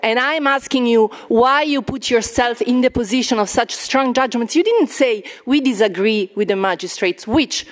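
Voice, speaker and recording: Indignant woman journalist. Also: fairly high pitch. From Italy. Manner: indignant, challenging, rapid questioning. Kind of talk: heated press conference exchange. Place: press conference room.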